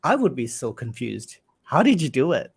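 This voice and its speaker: A man's voice: mid-range voice, big pitch swings, moderate pace, vocal fry, husky. A man hosting a live-streamed interview, chatty, reading out viewer comments and asking questions. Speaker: host.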